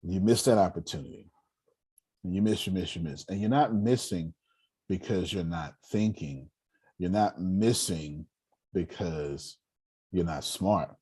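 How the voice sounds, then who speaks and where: Emphatic deep-voiced motivational man. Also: unhurried, long pauses, dark tone, breathy edge. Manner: emphatic, repetitive, preacher-like cadence. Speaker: coach hosting an online group call. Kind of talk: motivational talk.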